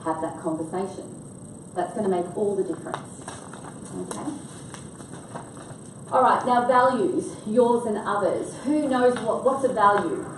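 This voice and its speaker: A woman's voice: mid-range voice, expressive, measured pace, far from the mic. An older woman runs a workshop and keeps asking her group questions. She talks in an engaging, interactive way. She is recorded from across an echoey room with a faint hum behind her. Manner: engaging, quizzes the audience. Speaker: workshop trainer.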